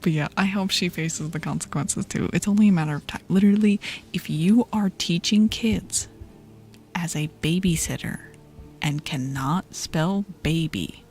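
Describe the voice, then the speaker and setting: A young woman streamer in a soft whispered role-play style, gossiping with her chat and laughing often, with faint music behind. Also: lowish voice, moderate pace. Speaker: ASMR streamer.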